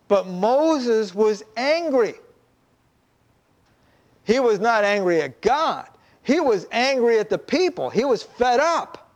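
Lively high-voiced male preacher. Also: slow. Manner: animated storytelling, acting out quoted voices. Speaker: pastor. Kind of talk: sermon.

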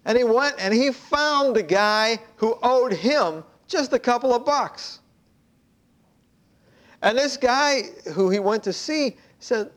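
A man preaching a sermon, telling a parable conversationally with hushed asides. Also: extremely high pitch, takes it slowly. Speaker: pastor.

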